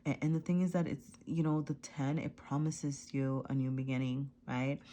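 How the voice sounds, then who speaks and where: A woman's voice: extremely low pitch, little pitch movement, normal speed, warm tone, a little hiss or hum. A woman reading tarot cards at home in a casual, rambling way, full of fillers and "right?", often laughing and apologizing. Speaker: tarot reader. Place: at home with a cat.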